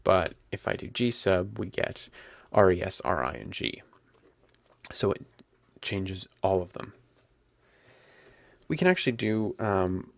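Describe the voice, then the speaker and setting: A man talking through a coding tutorial at his computer, relaxed and correcting himself as he types. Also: on the low side, gravelly, dry recording. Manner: relaxed, self-correcting, talks while typing. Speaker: programming instructor.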